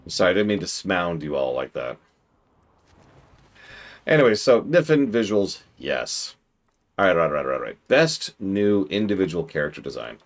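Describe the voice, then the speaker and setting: A man's voice: low voice, sing-song, moderate pace, long pauses. A young man hosting a casual game commentary stream, enthusiastic and opinionated, with rambling asides. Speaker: streamer host.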